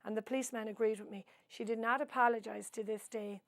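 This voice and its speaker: A woman's voice: a little high, steady tone, fast talker, no echo. Irish woman, oral-history storyteller, rambling with asides, dry close sound. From Ireland. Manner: long-winded storyteller who adds asides. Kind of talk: rambling spoken recollection.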